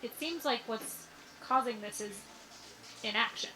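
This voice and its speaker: A woman speaking casually as a player in a tabletop game, soft-spoken and easygoing. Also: fairly high pitch, measured pace, low-quality recording.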